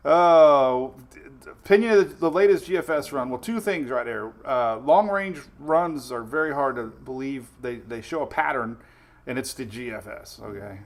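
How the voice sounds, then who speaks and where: A man's voice: mid-range voice, expressive, measured pace. A man hosting a casual weather livestream from home, chatty and laughing often while his dogs run around.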